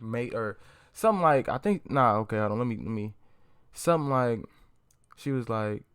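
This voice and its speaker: A man's voice: medium pitch, animated, brisk, fairly bright tone, clear, resonant tone. A young man giving a casual, profane movie review, rambling with lots of slang, fillers and restarts.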